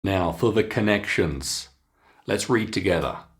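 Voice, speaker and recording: A man with a British English accent leads a pronunciation lesson, reading a short story at a slow, deliberate pace. His fairly low voice moves through a wide, expressive pitch range as he stresses each sound. Between passages he tells listeners to pause and practise. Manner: slow, deliberate, clearly enunciated reading with instructions to repeat.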